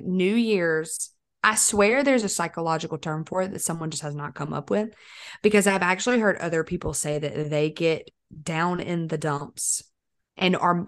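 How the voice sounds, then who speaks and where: A young woman co-hosting a podcast in casual chat, telling stories animatedly and laughing often. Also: fairly low pitch. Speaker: podcast co-host.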